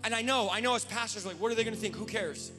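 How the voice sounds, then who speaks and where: A man preaching a sermon from the pulpit in a church, fervent and often shouting. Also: sits high, fast, music in the background. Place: church sanctuary. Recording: long hall reverb.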